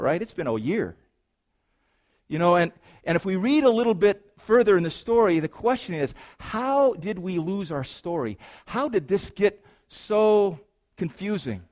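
A man preaching a sermon to a congregation, playful and animated, moving between hushed, slow lines and loud, excited ones. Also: high voice. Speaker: pastor.

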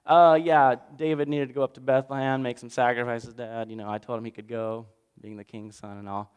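A man's voice: mid-range voice, flat delivery, a little fast, a little mellow, smooth, long reverb tail, pitched below the performer's own voice, lightly acted. A man voicing a young prince who nervously covers for a friend in casual modern slang. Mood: sheepish. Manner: offhand, hesitant, modern slang. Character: young prince, sheepish and casual with his father.

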